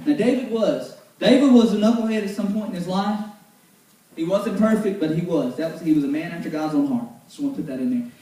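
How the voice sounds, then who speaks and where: A man's voice: high-pitched, brisk. A man preaching a casual, joking sermon to a youth group in a church hall. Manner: joking, loud and animated, teasing the sound crew. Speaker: youth pastor. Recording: echoey hall, voice far from the mic.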